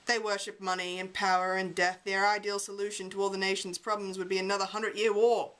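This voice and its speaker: Bright-voiced woman reading wryly aloud. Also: mid-range voice, level tone, fast, poor audio. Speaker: amateur reader.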